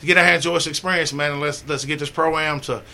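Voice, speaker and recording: Earnest middle-aged man with a bright voice. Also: fairly even intonation, quick pace, creaky. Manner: earnest, preachy, swings from loud urging to quiet and low. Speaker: community organizer and guest. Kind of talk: heartfelt radio talk.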